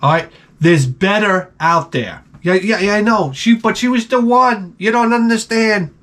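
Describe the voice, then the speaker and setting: Blunt, crude high-voiced man. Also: unhurried, a bit bright. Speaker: advice vlogger. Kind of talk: comedic advice monologue.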